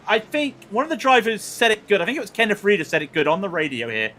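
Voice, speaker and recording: Male race commentator, high and lively, excitable and ranting. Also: fast, few pauses, a little hiss or hum. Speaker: sim racing commentator.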